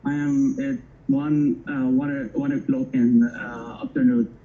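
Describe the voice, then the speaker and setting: A man calling in on a video call, halting and polite. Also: mid-range voice, flat delivery, warm tone. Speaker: caller. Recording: muffled call audio.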